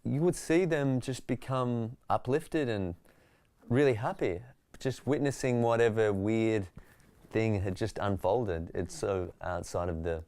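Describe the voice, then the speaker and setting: An Australian man, a stand-up comedian, telling stories in a relaxed, reflective way during an interview. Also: on the low side, a little slow, no room sound. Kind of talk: interview conversation.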